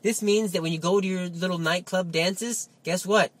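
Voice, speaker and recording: A man giving a lively Catholic teaching talk, full of rhetorical questions and coaxing asides. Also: high-pitched, moderate pace, no room sound. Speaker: Catholic speaker. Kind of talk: spoken religious teaching.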